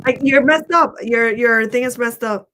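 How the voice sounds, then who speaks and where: A woman co-hosting a motivational talk show, chatty and animated, laughing often as she talks. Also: a little high, normal speed, noisy background. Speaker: co-host. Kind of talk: motivational chat.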